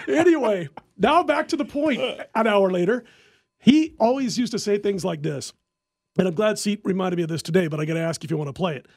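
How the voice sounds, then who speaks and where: A high-pitched man telling a lively story on a sports-betting podcast, laughing as he goes. The sound is dry and close, with no echo. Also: brisk, vocal fry. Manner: animated storyteller who laughs often. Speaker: podcast host and sports handicapper.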